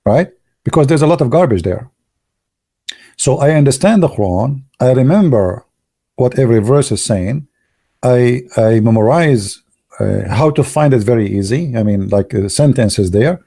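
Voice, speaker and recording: Man, gravelly voice, dark tone, first language Arabic, broken English, excitable storyteller. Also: mid-range voice, moderate pace. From Arab world. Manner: broken English, excitable, laughs at own stories. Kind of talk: casual storytelling monologue.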